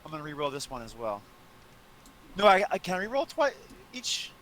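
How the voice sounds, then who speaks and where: Eager, bright-toned male player. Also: a little high, normal speed. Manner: eager, stumbling restarts, excitable. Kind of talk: casual play at the table.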